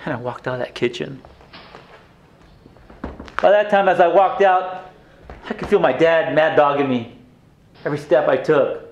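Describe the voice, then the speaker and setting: A man's voice: a little high, normal speed, long pauses, highs cut off, a little hiss or hum, lightly acted. A man playing a haunted ex-inmate. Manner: emotional, swings from hushed to shouting. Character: grown man, former abused son, intense and haunted. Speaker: stage actor playing an inmate. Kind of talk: theatrical stage monologue.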